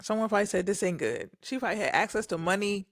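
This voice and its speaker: A woman's voice: medium pitch, lively intonation, fast talker. A young adult woman from the States, co-hosting a podcast in blunt, laid-back casual chat full of slang. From southern Virginia, US. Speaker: podcast co-host.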